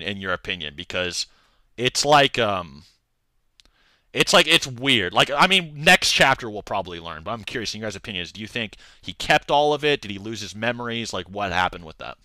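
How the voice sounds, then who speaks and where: A man's voice: on the low side, bright, forceful tone, dry recording, studio quality. A young man streaming and chatting casually, rambling loosely with lots of filler words and slang. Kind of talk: casual livestream rant.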